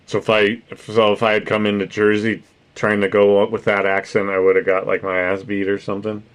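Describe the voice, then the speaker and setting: A man's voice: lowish voice, completely flat delivery, a little fast, smooth. Laid-back, profane guy chatting. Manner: profane, rambling, laughs often. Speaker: streamer chatting with viewers. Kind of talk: casual livestream chat.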